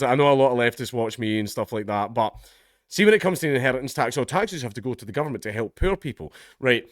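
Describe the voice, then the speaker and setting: A man's voice: mid-range voice, no room sound, clean studio sound. A Scottish man giving casual vlog commentary in a sardonic tone, laughing often as he talks. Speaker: political commentator.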